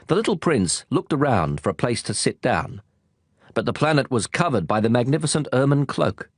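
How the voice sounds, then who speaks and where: Expressive male audiobook narrator. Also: mid-range voice, moderate pace, husky, no echo, studio quality. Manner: calm, expressive storytelling. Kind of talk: audiobook reading.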